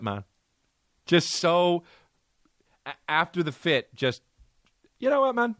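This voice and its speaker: A man's voice: on the high side, very animated, measured pace, pauses often, fairly bright tone, no echo, studio quality. A man hosting a podcast, reacting comedically to a clip, swearing freely and mimicking what he hears. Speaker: podcast host.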